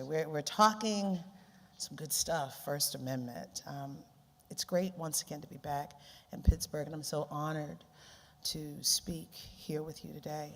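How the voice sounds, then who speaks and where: A woman from Baltimore giving an animated conference speech, laughing often and repeating phrases for effect. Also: low voice. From Baltimore, USA. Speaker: keynote speaker, journalist. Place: large conference hall. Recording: long hall reverb.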